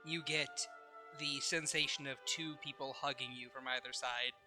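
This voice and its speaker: A man running a tabletop role-playing game, narrating and voicing characters in a playful, animated way. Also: mid-range voice, normal speed, faint music behind. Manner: animated, playful, laughs often. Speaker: game master.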